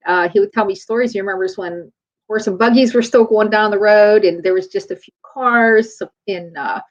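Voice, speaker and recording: A woman's voice: mid-range voice, normal speed. Middle aged lady chiropractor doing a faith talk, chatty storyteller, kinda muffled lo-fi audio. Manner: conversational storytelling. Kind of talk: faith-based motivational talk. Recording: dull lo-fi recording.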